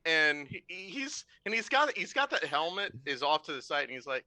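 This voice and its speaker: A man's voice: a little high, big pitch swings, moderate pace, few pauses, sharp tone, no echo, faint music behind. A man narrating a tabletop game as game master, rambling through his descriptions. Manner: rambling, with many fillers and restarts.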